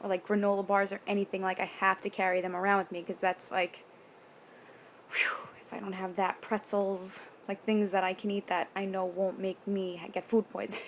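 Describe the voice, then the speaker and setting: A young New York woman talks candidly in a casual vlog, rambling with quick nervous asides and casual swearing. Her voice is medium-pitched with little pitch movement, and there's faint background noise.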